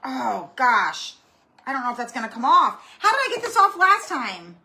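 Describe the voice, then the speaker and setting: Her high, pushed and bright voice swoops wildly in pitch while moving at normal speed. As a craft channel host running a live-stream craft tutorial, she chats and rambles, greeting viewers by name.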